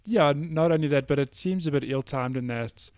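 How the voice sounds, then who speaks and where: A man co-hosting a casual gaming podcast, easygoing and quick to laugh, with frequent hesitant fillers on a close, dry mic. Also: on the high side, darkish tone, clear, resonant tone, no room sound. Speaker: podcast co-host.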